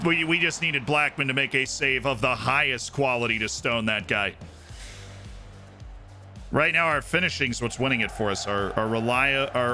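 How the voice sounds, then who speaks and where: A man live-streaming a football manager game, commenting on the match like a sports caster and bursting into shouts at goals. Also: mid-range voice. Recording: game music clearly playing behind. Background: game music.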